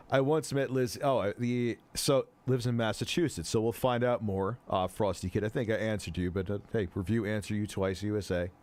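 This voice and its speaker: A man's voice: on the low side, fairly even intonation, a little fast, hardly any pauses, a little mellow, slight background noise. A man hosting a casual livestream commentary, rambling, cursing freely and often cutting himself off mid-sentence. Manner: rambling, profane, self-interrupting. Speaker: host.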